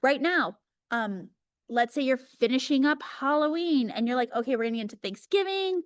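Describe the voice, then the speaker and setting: A woman in her thirties teaching an early childhood workshop over a video call, chatty and energetic, slowing down to demonstrate words. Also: sits high, clear, resonant tone, dry recording, clean studio sound. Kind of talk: teaching a live webinar.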